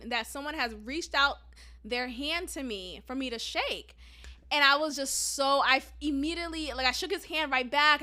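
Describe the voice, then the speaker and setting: A young woman hosting a solo podcast, talking bluntly and profanely, getting animated and breaking into laughter. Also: sits high. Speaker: podcast host. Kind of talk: casual solo podcast monologue.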